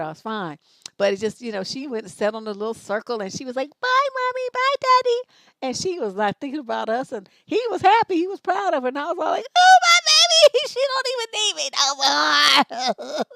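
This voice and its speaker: A woman's voice: on the high side, no echo. Blunt, scolding woman with dry sound. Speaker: advice show host. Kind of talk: livestream advice commentary.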